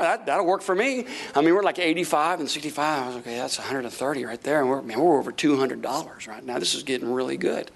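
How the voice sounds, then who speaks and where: Animated gravelly male preacher. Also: on the high side, fast talker, few pauses. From Florida. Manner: animated, acts out quotes, laughs often. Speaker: pastor. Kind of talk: sermon with storytelling.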